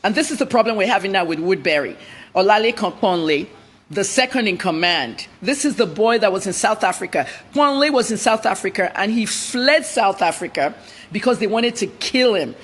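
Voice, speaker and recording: Blunt, husky-voiced woman journalist. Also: medium pitch, lively intonation, moderate pace. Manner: blunt, emphatic. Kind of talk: interview answers.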